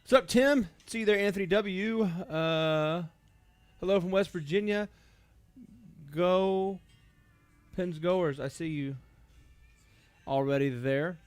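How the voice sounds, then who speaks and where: A man's voice: high-pitched, slow pace, long pauses, smooth, dry recording, faint music behind. A man hosting a live toy sale from his shop, chatting casually and greeting viewers by name. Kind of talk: casual livestream chat.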